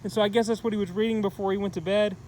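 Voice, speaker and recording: A man's voice: high voice, fairly even intonation, racing, darkish tone, a little hiss or hum, rough recording. A man giving a casual, rambling comic book review, full of "like" and "kinda". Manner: rambling, heavy use of "like" and "kinda".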